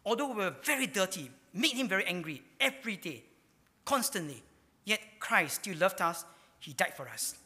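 A man preaching a sermon, swinging between loud emphatic lines and hushed ones. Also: sits high, very animated, normal speed. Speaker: pastor. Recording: hall reverb.

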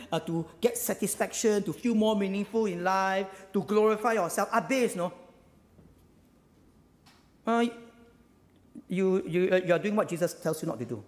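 A male pastor with a Singaporean English accent preaching a sermon. He talks in an animated, conversational way, drops "ah" and "lah" at the ends of phrases and keeps asking the congregation rhetorical questions. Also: high voice. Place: church hall. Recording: long hall reverb.

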